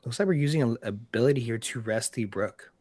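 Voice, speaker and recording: A man's voice: medium pitch, brisk, darkish tone. A man with a mid-range voice co-commentates a card game match in an upbeat, agreeable way. He points out rules as he talks. The sound is dry, with no room echo.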